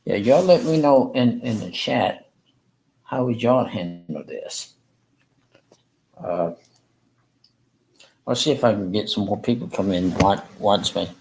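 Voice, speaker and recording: Man, low voice, casual livestream, rambling and halting. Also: creaky, a little mellow, a little hiss or hum, low-quality recording. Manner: halting, rambling, repeats himself. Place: room in a rehab facility.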